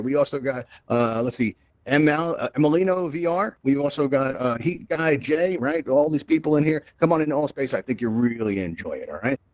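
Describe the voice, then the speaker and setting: Man, fast talker, energetic presenter, keeps asking "right?", dry close headset mic. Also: mid-range voice, no room sound. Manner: energetic, peppered with "right?" and "all right?". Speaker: event presenter. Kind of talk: presentation to a live VR audience. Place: virtual reality social space.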